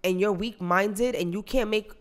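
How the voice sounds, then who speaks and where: A woman's voice: medium pitch, normal speed. A woman co-hosting a podcast, chatting casually, giving emphatic, slangy advice. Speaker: podcast co-host. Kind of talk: casual chat.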